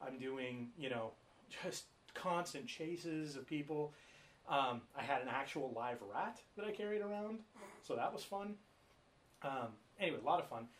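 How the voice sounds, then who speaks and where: A man co-hosting a casual podcast, spinning loose stories and swearing along the way. His pitch sits in the middle range, and the talk is loose and conversational. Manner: rambling storyteller, swears freely. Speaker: podcast co-host. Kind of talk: casual chat.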